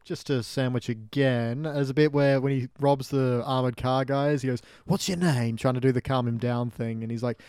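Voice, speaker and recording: A man's voice: medium pitch, level tone, normal speed, few pauses, a little mellow, clear, resonant tone, no room sound. Sardonic man recapping film scenes. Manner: dry, sardonic storytelling. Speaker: podcast co-host. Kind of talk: casual film review chat.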